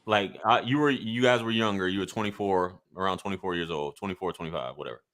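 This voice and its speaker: Bright-voiced male live-stream host. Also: sits low, fast talker. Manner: easygoing, repeats himself, urges viewers to like. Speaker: podcast host. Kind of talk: casual live-stream interview.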